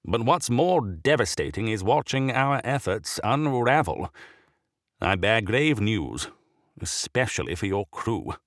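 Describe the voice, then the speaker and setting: Sickly old bishop, raspy and loud, slow heavy growl, put on by a male narrator; storybook reading, dry close sound. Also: fairly low pitch, very animated, no echo, voice pushed up. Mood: grave, weary.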